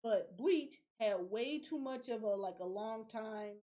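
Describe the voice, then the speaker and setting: A young adult woman hosting a podcast in casual chat, animated and profane, laughing often. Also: fairly high pitch, unhurried. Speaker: podcast host.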